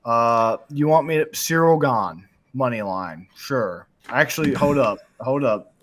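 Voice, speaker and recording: A man's voice: medium pitch, animated, unhurried, a bit bright. A young man co-hosting a fight betting podcast, rambling, jokey and profane. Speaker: podcast co-host. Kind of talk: casual betting chat.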